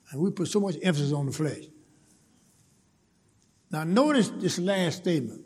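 A man's voice: high voice, moderate pace, long pauses, darkish tone, breathy edge, long reverb tail. A man preaching a sermon, repeating words and building to emphatic points. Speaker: pastor.

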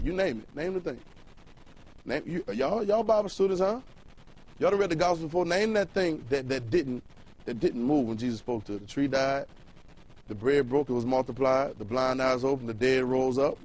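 A man's voice: medium pitch, darkish tone, rough recording. A male preacher giving a sermon in a loose, colloquial way. He repeats words as he builds a point, reads scripture, and keeps asking the congregation questions. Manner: colloquial, fires rhetorical questions at the room. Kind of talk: sermon with Bible reading.

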